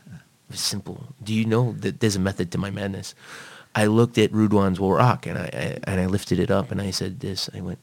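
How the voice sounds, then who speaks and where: A man's voice: deep voice, flat delivery, moderate pace, gravelly, darkish tone. A man telling stories in a casual chat, blunt and emphatic, swearing often. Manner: blunt, heavily profane, emphatic.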